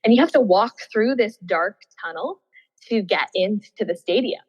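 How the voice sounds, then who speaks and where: A woman recounts her experience at an easy, chatty pace, laughing often and putting on her past self's excited voice. The audio is dull and muffled, with a long reverb trailing behind her. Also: medium pitch, moderate pace, breathy edge. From Australia. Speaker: guest, former Olympian. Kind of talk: casual storytelling interview.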